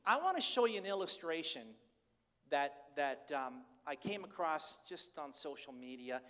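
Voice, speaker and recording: An older man preaching a conversational sermon as pastor, candid and animated as he tells stories. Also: on the high side, normal speed. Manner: candid, chatty, animated storytelling. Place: church sanctuary. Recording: reverberant church hall.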